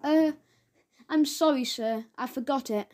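A woman's voice: high-pitched, measured pace, darkish tone. A woman voicing an earnest, well-behaved schoolgirl who speaks sincerely.

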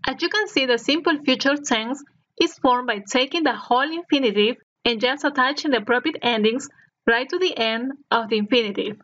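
A woman narrating a scripted language lesson as the teacher, speaking slowly and clearly so learners can repeat after her. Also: high-pitched, fairly bright tone. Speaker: Spanish teacher. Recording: dull lo-fi recording.

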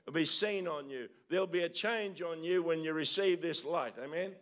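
During a church service, a pastor preaches with repeated calls and quick tag questions that urge his listeners on. His voice is fairly high in pitch and a bit bright.

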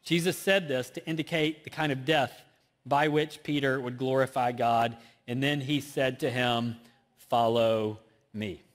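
Folksy Southern pastor in a reverberant hall. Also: male voice, mid-range voice, fairly even intonation, normal speed. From American South. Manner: conversational, folksy, self-deprecating. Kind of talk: sermon. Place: church auditorium. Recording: long reverb of a large church hall.

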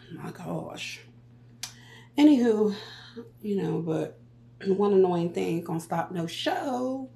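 A woman, chatting in a casual vlog with animated, profane storytelling. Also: medium pitch, measured pace, gravelly. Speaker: vlogger. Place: walking around.

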